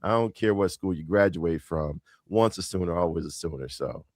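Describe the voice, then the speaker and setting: A man's voice: low-pitched, lively intonation, normal speed, darkish tone, no room sound, clean studio sound. A man from Oklahoma, a guest on a radio interview, upbeat and friendly, often repeating his words.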